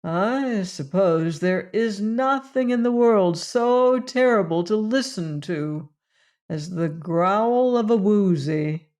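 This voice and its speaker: A woman's voice: medium pitch, lively intonation, slow pace, darkish tone. A woman voicing a boastful but harmless male beast in an audiobook, proud and easily offended. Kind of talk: audiobook character voice.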